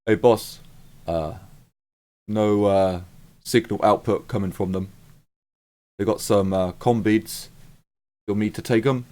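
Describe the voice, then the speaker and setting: A man's voice: on the low side, fairly even intonation, slow pace, pauses often, a little mellow. A man voicing a blunt hired guard. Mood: matter-of-fact. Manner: blunt, businesslike. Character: gruff male hired guard reporting to his boss.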